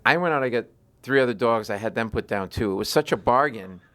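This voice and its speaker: A comedian is spinning a long, animated anecdote in a relaxed interview. He speaks at an ordinary pitch for a man, jumps into little acted-out voices, and keeps the telling loose and conversational. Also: fast talker. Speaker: comedian guest. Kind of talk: storytelling interview chat.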